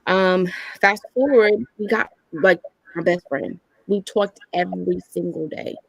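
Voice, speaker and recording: A woman in her thirties tells her own story as a podcast guest and lives through the voices of the people in it. Her voice has a gravelly, fry-laced texture, and the recording is dry and close with no room sound. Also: on the low side, measured pace, no echo, rough recording. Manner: candid, animated storytelling that acts out quoted lines. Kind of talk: personal storytelling in a podcast interview.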